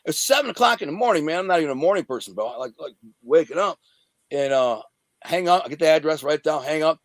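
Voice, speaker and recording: This fast-talking Detroit-area guest has a fairly high, animated voice on a dry recording. He spins a casual interview story in profane street slang, acting out the scenes as he goes.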